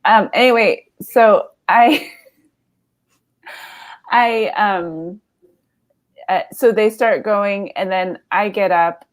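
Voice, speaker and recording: A woman's voice: mid-range voice, very slow, long pauses. A woman in her thirties telling a comedy story, rambling and self-deprecating with lots of fillers and laughs.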